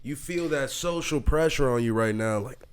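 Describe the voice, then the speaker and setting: A man's voice: medium pitch, moderate pace, clean tone. Joking man in casual banter. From Nigeria. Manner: laughing, joking, swings loud and soft.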